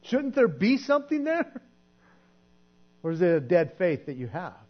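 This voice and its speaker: Guy with a high voice preaching, talks it through earnestly, kinda muffled recording with a hum. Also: big pitch swings, moderate pace. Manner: earnest, conversational preaching with frequent repeated words. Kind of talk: sermon. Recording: dull lo-fi recording with mains hum.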